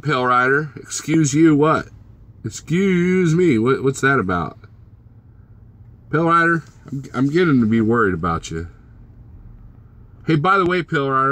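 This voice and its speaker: A man's voice: medium pitch, fairly bright tone. A man vlogging as a truck driver, casually chatting and joking with his live-stream viewers and teasing them by name.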